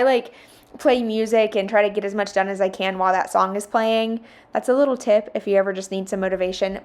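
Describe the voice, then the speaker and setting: A young woman, chatting casually in a home vlog while she cleans, laughing often and venting in exasperation. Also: mid-range voice. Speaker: vlogger.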